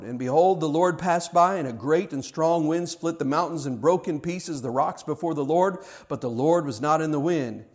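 A man's voice: fairly high pitch, normal speed, few pauses. A man preaching a sermon, reading scripture aloud and explaining it with conversational asides and repeated words.

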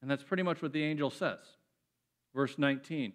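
A man preaching a sermon, animated and emphatic, often repeating words as he builds up. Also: medium pitch, brisk. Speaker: pastor.

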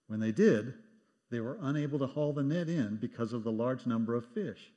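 A man's voice: mid-range voice, expressive, normal speed, mellow, long reverb tail. A man preaching a sermon, reading scripture aloud and acting out the quoted lines with wry asides, in a church sanctuary. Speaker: pastor.

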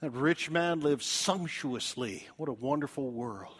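A male preacher giving a dramatic evangelistic sermon in a church, swinging from loud appeals to hushed whispers. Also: mid-range voice, lively intonation, measured pace, husky.

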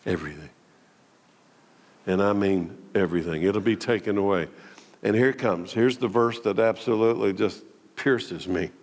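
A pastor preaching a sermon, dramatically swinging between loud declaiming and low, intimate tones. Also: male voice, normal speed, pauses often. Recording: long hall reverb.

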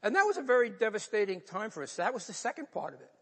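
With big pitch swings and a quick pace, a high-pitched older man with a New York accent preaches from a church sanctuary. This pastor recounts a personal story in an earnest, emotional manner, and the recording has the long reverb of a large hall.

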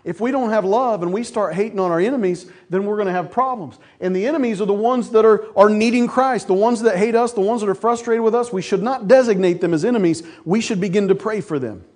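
A man's voice: sits high, fast talker, hardly any pauses, a little mellow. A man preaching a sermon to his church, folksy, calling the congregation folks and asking for amens. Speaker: pastor.

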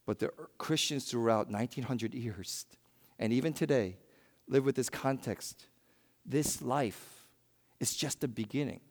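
A man preaching a sermon in a church, swinging between loud emphatic bursts and hushed, quiet lines. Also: mid-range voice, unhurried, big-room sound. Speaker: pastor.

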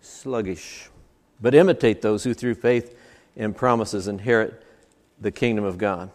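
A man's voice: on the low side, unhurried, darkish tone. A man preaching a sermon at a church service, emphatic and building points through stacked, repeated phrases. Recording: long hall reverb.

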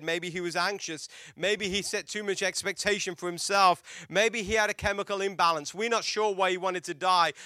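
A pastor preaching a sermon in a high, bright voice with a smooth, clear tone. He tells stories and asks his listeners questions. He swings from loud, emphatic lines to hushed, quiet ones, recorded dry and close. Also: no room sound. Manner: dramatic swings between loud and hushed delivery; storytelling with rhetorical questions to the congregation.

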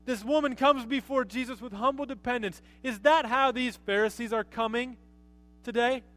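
A man's voice: extremely high pitch, normal speed, fairly bright tone. A man preaching a conversational sermon as pastor, often asking his listeners rhetorical questions.

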